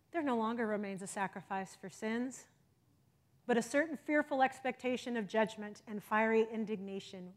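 High-voiced impassioned woman preaching. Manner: impassioned, swings from loud exhortation to soft intensity. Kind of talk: sermon.

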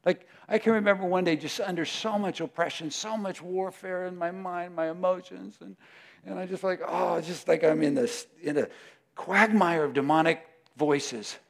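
A male preacher delivering a lively, chatty sermon, laughing as he goes and slipping into other voices. His voice sits fairly high for a man, and he swings from quiet asides to loud, excited bursts. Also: moderate pace, creaky. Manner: animated and conversational, often laughing, acting out voices.

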